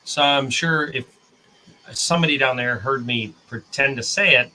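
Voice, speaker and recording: Streamer type: American man, bright and forward tone, chatty and self-correcting. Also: mid-range voice, normal speed, a little hiss or hum, rough recording. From United States. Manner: rambling, self-correcting, talks to chat. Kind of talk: casual chat on a live stream.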